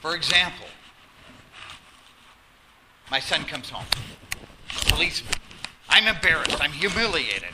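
A man preaching a sermon as pastor, animated, acting out quotes and dropping to a soft voice for emphasis. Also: fairly high pitch, measured pace, pauses often. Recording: noisy sermon recording.

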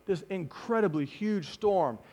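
High-voiced animated male preacher. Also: unhurried. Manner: animated, dropping to hushed tones for emphasis; speaks to the congregation directly with rhetorical questions. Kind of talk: sermon.

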